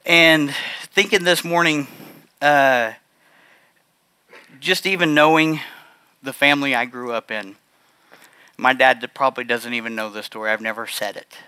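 Earnest man with a bright, forceful voice. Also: mid-range voice, fairly even intonation, clean tone, no echo. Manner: earnest, heartfelt, confessional; halting, with frequent restarts. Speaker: church speaker sharing a testimony. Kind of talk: personal testimony to a congregation.

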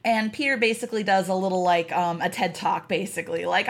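A woman's voice: lowish voice, brisk, creaky, hardly any pauses. A woman co-hosting a casual movie-review podcast. Her delivery is wry and sarcastic, and she breaks into laughter often as she recaps the plot. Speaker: podcast co-host.

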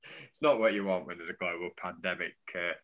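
A man's voice: low voice, brisk, fairly bright tone. A man co-hosting a football fan podcast, chatting in a playful way and laughing as he talks. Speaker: podcast co-host. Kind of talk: casual football fan chat.

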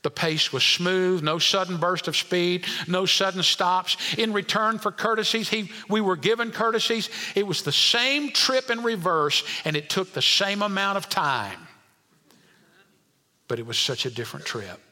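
A male pastor preaching a sermon, dropping to quiet asides and climbing to emphatic points while questioning the congregation. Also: sits high, unhurried, long reverb tail.

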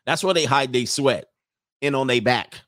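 A man hosting a casual live commentary stream, loud and joking, with slangy asides and drawn-out exclamations. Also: medium pitch, no room sound, studio quality. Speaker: livestream commentary host.

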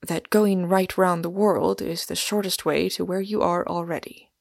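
A woman reading as a giant, excitable wandering man. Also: lowish voice, moderate pace, creaky, no room sound, clean studio sound. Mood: fervent.

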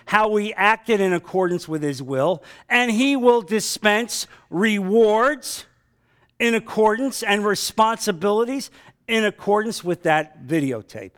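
High-voiced man preaching a sermon. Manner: dramatic, drops to hushed emotional tones. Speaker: pastor.

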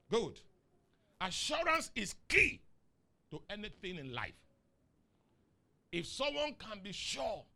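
Bright rousing Nigerian preacher man. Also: high voice. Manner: rousing, breaks into shouts on key lines; asks the crowd questions and waits for answers. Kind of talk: sermon with call and response.

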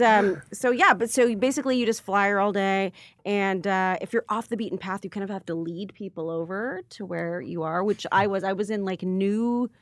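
A woman comedian rambles through her stories with lots of filler words. Her pitch sits in the middle of the range. She is recorded close on a dry studio mic. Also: no echo. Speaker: stand-up comedian guest. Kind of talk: casual podcast chat.

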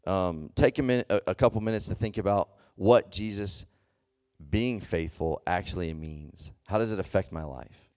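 Low-voiced man giving a chatty youth sermon. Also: darkish tone, clean tone, dry recording, clean studio sound. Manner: conversational, checks in often with "okay?" and "does that make sense?"; loose and chatty, with many fillers and restarts. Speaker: youth preacher. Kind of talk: casual sermon to a youth group.

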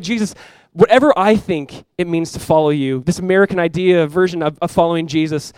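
A young adult man preaching a sermon as pastor, casual and animated, full of "like" asides. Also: on the high side, very fast, clear, resonant tone. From South Florida.

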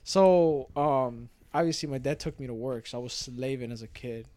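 A young man in casual chat, telling a story with lively quoted voices and plenty of swearing. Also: mid-range voice, moderate pace, crowd noise. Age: young adult. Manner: animated storyteller, swears freely, acts out quotes.

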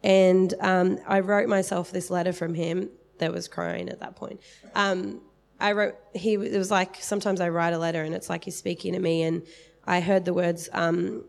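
Gravelly chatty woman. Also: fairly low pitch, flat delivery, normal speed, darkish tone. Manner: chatty, rambling, many fillers and laughs. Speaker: church member giving testimony. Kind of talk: casual spoken testimony.

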